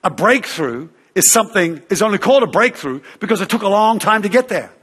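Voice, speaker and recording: A preacher with a husky, slightly high voice tells a story from the pulpit. He is animated and acts out the other people in it, with a lot of "uh" and "you know". A long reverb from the hall trails after his words. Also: a little fast. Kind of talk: sermon storytelling.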